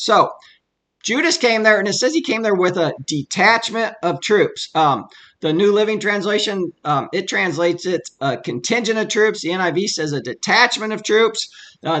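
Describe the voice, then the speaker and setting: A man with a high, ringing voice teaches through a Bible passage verse by verse. He talks in a loose, conversational way with fillers and asides. He slows right down and lingers when he reads the scripture itself. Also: sharp tone. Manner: reads scripture slowly and deliberately.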